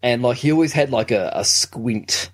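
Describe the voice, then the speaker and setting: A man's voice: mid-range voice, normal speed. A man co-hosting a casual film review chat, wry and incredulous, often repeating words as he restarts. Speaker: film review podcast co-host.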